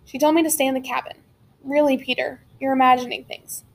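A woman voicing a secretive young girl in an audiobook, speaking in a calm, guarded, firm way. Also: sits high, a little fast, vocal fry, slight background noise. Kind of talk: audiobook character voice.

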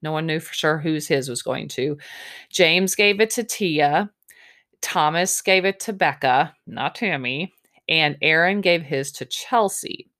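A woman's voice: deep voice, unhurried, fairly bright tone. A young woman hosting a podcast, giving a chatty, snarky recap of a reality show. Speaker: podcast host.

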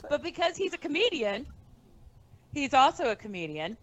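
A woman comedian telling a story on a casual podcast. She is animated and profane, and she acts out the quotes in her story. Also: sits high, moderate pace, poor audio. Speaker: comedian guest.

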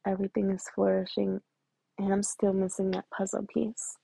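A woman's voice: mid-range voice, little pitch movement, moderate pace, vocal fry, dark tone, husky, dry recording. A woman in her twenties candidly telling her personal story in casual, emotional talk full of slang and fillers.

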